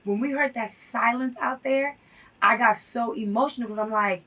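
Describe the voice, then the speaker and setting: Woman guest, husky and a touch high, emphatic storyteller, somewhat off-mic. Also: normal speed, sharp tone, distant mic. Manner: emphatic, storytelling with acted quotes. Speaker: interview guest. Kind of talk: casual interview talk.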